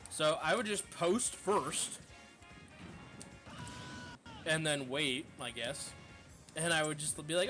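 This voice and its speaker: A man streamer telling a casual, profane story in an animated way, full of fillers. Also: on the high side, measured pace, long pauses, faint music behind.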